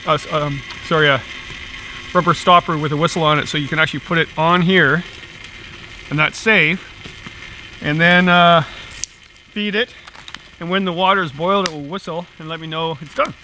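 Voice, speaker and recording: A man's voice: fairly high pitch, steady tone, normal speed, long pauses, pushed and bright, a little hiss or hum. A middle-aged man chatting casually outdoors in the woods as he makes tea over a small stove, chuckling often between rambling asides. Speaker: outdoor vlogger. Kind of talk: casual chat while camp cooking.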